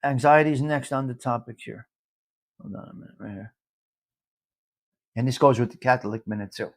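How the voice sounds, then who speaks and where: A man's voice: medium pitch, fairly quick. An older man hosting a casual live chat, rambling in a brash, profane way. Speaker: livestream host.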